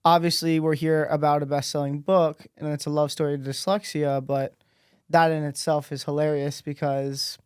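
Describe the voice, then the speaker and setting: A man in his twenties hosting a relaxed interview chat, laughing easily. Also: on the high side, moderate pace, clear, resonant tone, dry recording, studio quality. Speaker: host.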